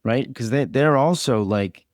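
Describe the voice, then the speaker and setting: A man's voice: medium pitch, a little slow, a little mellow, no echo, studio quality. A man co-hosting a casual conversational chat, asking questions and checking that he has understood. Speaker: podcast co-host.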